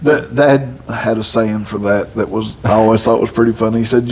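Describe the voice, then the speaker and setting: Husky man telling a light anecdote. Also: on the low side, steady tone, normal speed, darkish tone. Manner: anecdotal, chuckling, affirming. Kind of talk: casual faith conversation.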